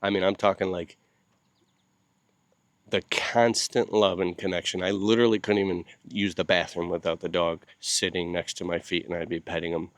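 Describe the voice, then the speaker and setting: A grieving man speaks straight to the camera in a low voice, stopping often and repeating himself. He sounds worn out from lack of sleep. The recording is close and dry, with no room sound. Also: flat delivery, no room sound. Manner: halting, with many pauses and repeated words; grieving and heartfelt. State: sleep-deprived. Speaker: video channel host. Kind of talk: casual talk to camera.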